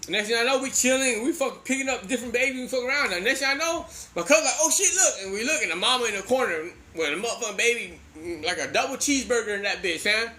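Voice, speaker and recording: High, lively, bright-voiced man telling a story. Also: quick pace, hardly any pauses. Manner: profane slang-heavy, laughs often. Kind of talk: casual comedic storytelling.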